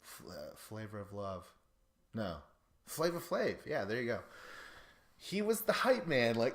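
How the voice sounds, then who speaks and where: A man hosting a podcast, rambling casually about reality show contestants with lots of swearing and excitable asides. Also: medium pitch, a little slow, pauses often. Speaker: podcast host.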